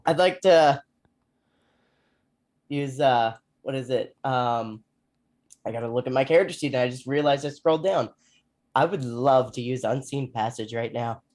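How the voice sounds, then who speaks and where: Man, tabletop player, hesitant, thinking aloud, mid-pitched. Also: moderate pace, long pauses, a little mellow. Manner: deliberating, hesitant. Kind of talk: thinking aloud about his character in a tabletop game.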